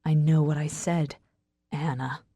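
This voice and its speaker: A woman voicing a brooding, intense estranged husband who growls his lines in a low, rough, pressing way. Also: steady tone, measured pace, mellow, no echo, studio quality. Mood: pained. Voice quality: raspy, growling.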